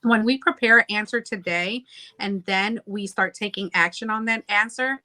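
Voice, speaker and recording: A woman's voice: mid-range voice, normal speed, sharp tone. A woman hosting an interview, reflecting on the guest's story and asking layered questions. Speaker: podcast host. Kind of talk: interview conversation.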